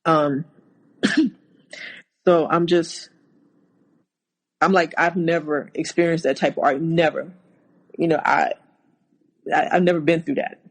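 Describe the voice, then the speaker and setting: A woman's voice: low voice, steady tone, slightly rough, rough recording. Woman recounting a painful relationship. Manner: halting, repeats words, acts out quotes. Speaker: guest. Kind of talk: personal account in a podcast interview.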